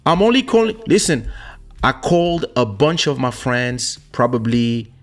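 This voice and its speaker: A man in a mid-range voice hosts a podcast, speaking a little slowly over soft background music. He tells a personal story in a relaxed, animated way, putting on the voices of those he quotes; he's a musician, recorded on a studio podcast microphone.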